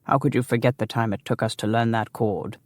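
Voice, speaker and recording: A man voicing a sly, teasing English nobleman with a deep voice. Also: fairly even intonation, a little fast, dry recording, lightly acted. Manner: mocking, playful.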